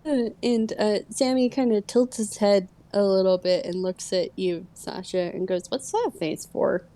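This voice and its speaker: A woman's voice: mid-range voice, flat delivery, moderate pace, warm tone. A woman narrating as game master of a tabletop role-playing game, hesitant and full of filler sounds.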